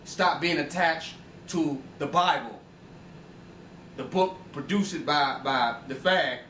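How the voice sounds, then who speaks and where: A man's voice: a little high, slow, pushed and bright, far from the mic, slight background noise. A man giving an informal lecture, emphatic and profane, often asking his listeners rhetorical questions. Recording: roomy echo, voice away from the mic.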